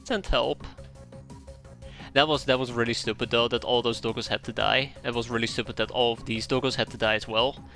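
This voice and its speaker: A man commentating his live gameplay stream in a bright, forceful voice, complaining aloud and repeating himself. His pitch shoots up sharply when things go wrong, with quiet game music under him. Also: fairly even intonation, a little fast. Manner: exasperated, complains aloud, voice jumps high when upset.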